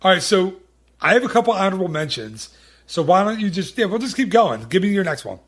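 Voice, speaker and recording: A man with a somewhat high voice chats casually as a podcast host. He talks loosely and keeps restarting his sentences. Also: very animated, fast, a bit bright. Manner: chatty, restarts sentences often. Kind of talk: casual chat.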